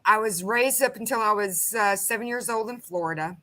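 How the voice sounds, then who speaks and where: A bright, forceful woman from Texas chats easily as a guest on a live stream. She tells folksy jokes and stretches out her voices for the characters. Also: medium pitch. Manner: folksy joke-telling, drawn-out Southern lady voices. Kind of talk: casual chat.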